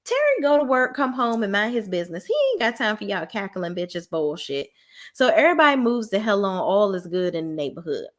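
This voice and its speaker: A woman's voice: mid-range voice, fairly quick. A woman talks through a reality TV episode in a casual, unfiltered vlog. Her voice sits in a middle register, and she is blunt and profane. She jumps into the cast's lines herself. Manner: blunt, profane, animated, acts out quoted lines. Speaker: reality TV reviewer.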